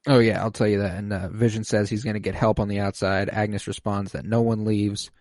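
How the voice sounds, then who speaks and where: Low-voiced man recapping on a podcast. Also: a little fast, no room sound. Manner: animated retelling, acting out quotes in high voices. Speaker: podcast co-host recapping a TV episode. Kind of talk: casual chat.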